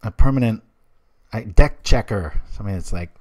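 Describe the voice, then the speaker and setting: Male streamer, 30s, lowish voice; loose, chatty play-by-play with rambling tangents aimed at the chat. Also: normal speed, a little mellow. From United States. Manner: chatty, rambling asides, talks to viewers in chat. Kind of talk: live card game commentary.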